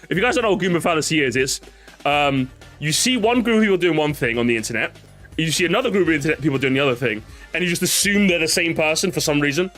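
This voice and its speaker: A man streaming and reacting to his chat in casual commentary, excitable, laughing often and swearing casually. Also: a little high.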